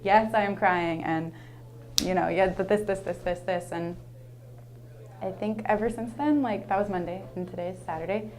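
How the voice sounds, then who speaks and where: A woman's voice: mid-range voice, normal speed, darkish tone. A young adult woman, a teacher, telling a personal story in a casual, rambling way, full of "like" and earnest asides. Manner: rambling, heavy use of "like", earnest.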